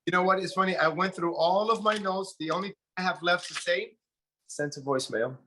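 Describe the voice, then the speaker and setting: Man, high voice, bright tone, preachy motivational talk, video call. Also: a little fast, a little hiss or hum. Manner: preachy, urging listeners. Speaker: network marketing team leader.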